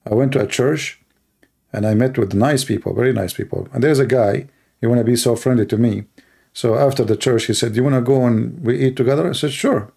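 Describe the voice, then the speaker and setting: Male apologist, mellow, gravelly voice, dry sarcastic delivery. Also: medium pitch, fairly quick. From Middle East. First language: Arabic. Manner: sarcastic, mocking. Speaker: Christian apologist. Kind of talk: mocking commentary and anecdotes.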